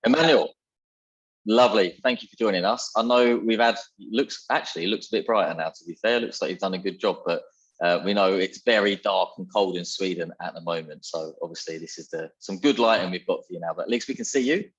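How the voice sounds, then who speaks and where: A man's voice: low-pitched, brisk, breathy edge, lo-fi sound. A man hosting a podcast interview in an upbeat, chatty, effusive way. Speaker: podcast host. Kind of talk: casual interview chat.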